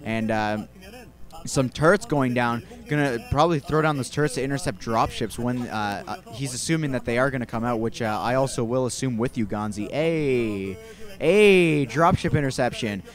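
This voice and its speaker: A man's voice: mid-range voice, fairly quick. A young man giving casual, rambling play-by-play commentary on a video game match as an amateur caster, often correcting himself mid-sentence. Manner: rambling, relaxed, self-correcting.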